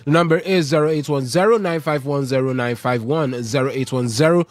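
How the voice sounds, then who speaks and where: A man hosting a live radio sports show, talking through football news and reading out contact details in a brisk, repetitive way. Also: medium pitch, no echo. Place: radio studio.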